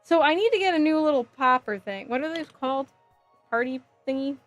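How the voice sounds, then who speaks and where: A woman live streaming from home, chatting casually, reading chat aloud and giggling as she thinks out loud. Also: high-pitched, a little fast. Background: faint music.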